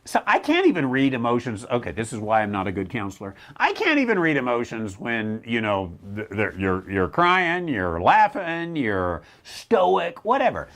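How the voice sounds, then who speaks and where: A middle-aged man, a theologian, answering a question in casual teaching talk, wry and animated, often slipping into mocking voices. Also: medium pitch, normal speed, few pauses.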